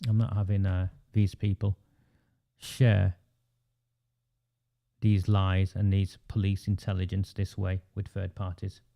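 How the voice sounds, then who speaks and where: A man's voice: low voice, monotone, slow pace, vocal fry, pauses often, warm tone. A man with a Northern English accent, hosting a livestream and talking in an emphatic, indignant, repetitive way. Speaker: live stream host. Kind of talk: impassioned livestream monologue.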